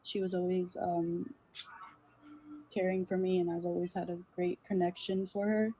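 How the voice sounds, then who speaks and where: A woman, a contestant, sharing a family quote in a plain, unhurried way with fillers. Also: on the low side, little pitch movement, mellow, breathy edge. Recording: dull lo-fi sound with faint noise.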